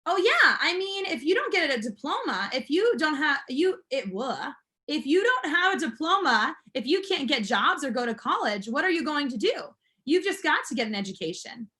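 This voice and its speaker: A woman's voice: high voice, very animated, normal speed, pushed and bright, exaggerated voice. A woman reading aloud as a frustrated teenage boy who is fed up with school, speaking earnestly and with emphasis.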